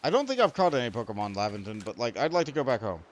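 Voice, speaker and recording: A man's voice: mid-range voice, very animated, very fast. A young man streaming a video game, rambling and poking fun at himself while he talks to the creatures on screen. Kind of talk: let's play commentary.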